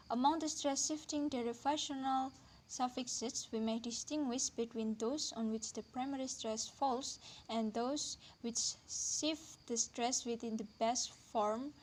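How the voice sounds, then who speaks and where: A woman reading a linguistics lesson aloud in a careful, deliberate way, slowing down on the example words. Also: on the high side. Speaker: lecturer.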